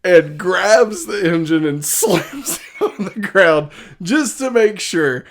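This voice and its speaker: Animated, rambling male storyteller. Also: high-pitched, takes it slowly, slight background noise. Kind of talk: comedic episode recap.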